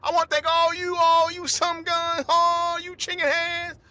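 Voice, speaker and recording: A man with a very high, sharply bright voice rambles through a comic monologue as podcast host. He keeps cutting himself off with asides and repeats his phrases for effect. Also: monotone, measured pace, no room sound. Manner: rambling, repeats "listen" and "right?". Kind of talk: stand-up style comedy monologue.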